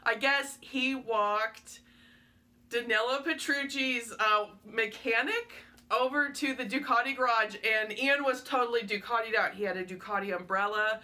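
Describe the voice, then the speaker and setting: Bright-voiced, excitable young woman. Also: fairly high pitch, a little slow. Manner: excitable, gushing, many fillers. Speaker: vlogger. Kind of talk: casual storytelling.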